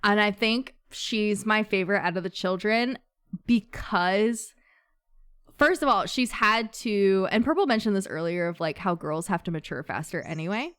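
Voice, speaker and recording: A woman's voice: mid-range voice, a bit bright, smooth. Bubbly woman hosting a book chat. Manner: bubbly, laughs often, quick asides. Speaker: book club host. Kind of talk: casual book club chat.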